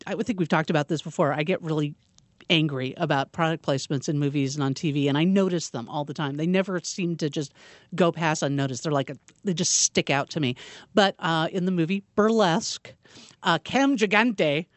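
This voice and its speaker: A woman co-hosting a radio show, chatting and retelling stories in an animated way. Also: low-pitched, a little fast, dry recording. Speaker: radio co-host. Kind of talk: casual radio banter.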